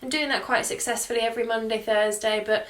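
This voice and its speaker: A woman's voice: a little high, fairly even intonation, quick pace, distant mic. Chatty self-mocking woman comedian. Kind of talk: casual vlog intro to camera.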